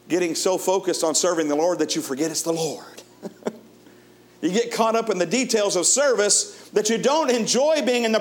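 Man, preacher, sermon, folksy, chuckling, slightly high voice. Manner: folksy, chuckles often, swings from lively to hushed.

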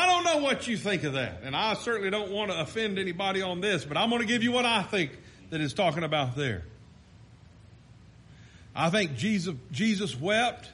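Fervent high-voiced preacher. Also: male voice, a bit bright. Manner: fervent, rising and falling delivery with restarts. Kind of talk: sermon.

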